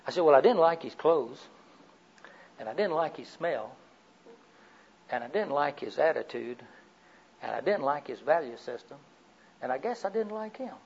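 An older man preaching a sermon, telling personal stories in a folksy way, swinging from loud to quiet. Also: fairly high pitch, expressive, normal speed, gravelly, pauses often, lo-fi sound, a little hiss or hum.

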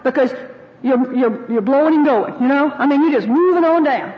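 A middle-aged woman with a high voice teaches a women's group, folksy and personal, slipping into her own remembered prayers. The recording is dull and lo-fi, with a long reverb from a large room. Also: animated, moderate pace, noisy background. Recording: dull, roomy hall sound.

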